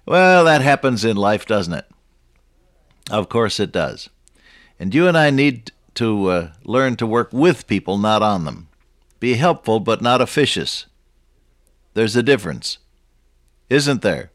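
A man's voice: on the low side, big pitch swings, a little slow, long pauses, no room sound, clean studio sound. A man preaching a Bible teaching sermon in a conversational way, often asking his listeners rhetorical questions and chuckling at his own stories.

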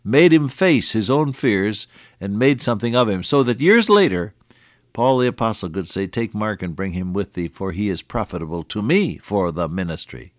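Older male radio preacher, very low voice, earnest and folksy, dry studio sound. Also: lively intonation, moderate pace, no echo. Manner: folksy, earnest, with stories and asides to listeners. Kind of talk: radio sermon.

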